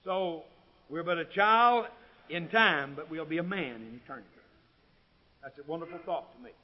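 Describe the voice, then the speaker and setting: A man preaches in a high voice, building phrase by phrase to loud, ringing peaks before sinking back to a low, quiet tone. The recording sounds dull and lo-fi, like an old tape of a church service. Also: normal speed. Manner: swells to loud, ringing climaxes, then drops low and quiet. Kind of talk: sermon.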